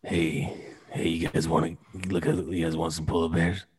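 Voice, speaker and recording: A man putting on the voice of a creepy, leering adult man, talking low and hushed. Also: monotone, moderate pace, slightly rough.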